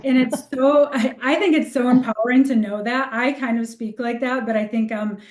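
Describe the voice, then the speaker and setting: Reflective woman astrologer, fairly high voice, roomy echoey sound. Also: fairly even intonation, normal speed. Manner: reflective, explanatory, laughs easily. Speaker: astrologer co-host. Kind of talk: casual podcast chat.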